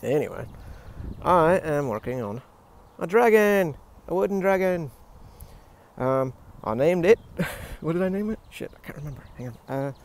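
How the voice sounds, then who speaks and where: Recorded on a handheld phone for a casual outdoor vlog, a man with a higher, animated voice speaks at a moderate pace. Tired and shaky-handed from digging in the garden, he rambles and pokes fun at himself.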